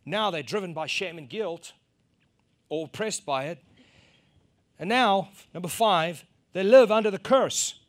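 A middle-aged man from South Africa preaching a sermon, telling a personal story and acting out the exchanges he describes, rising to loud emphasis. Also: high voice, lively intonation, unhurried, pauses often.

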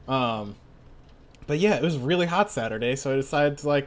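A young man co-hosting a casual podcast chat, excitable, laughing often and filling his speech with "like". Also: medium pitch, a little fast. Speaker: podcast co-host.

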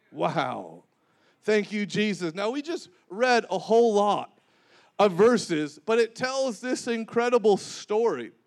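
A man preaching a sermon, animated, acting out the dialogue of scripture and calling on the congregation to repeat words back. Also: high voice.

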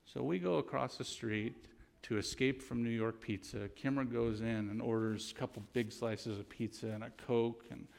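Man, guest preacher, gravelly, earnest storytelling sermon, mid pitch. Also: fairly even intonation, normal speed, a little mellow, long reverb tail.

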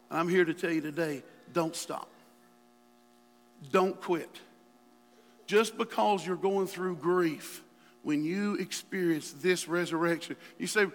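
A man preaching in a high, bright, ringing voice that swings between hushed pleading and fiery outbursts. His sermon rolls through a large church hall with a long reverb trailing each phrase. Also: fairly even intonation, unhurried, soft background music. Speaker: pastor.

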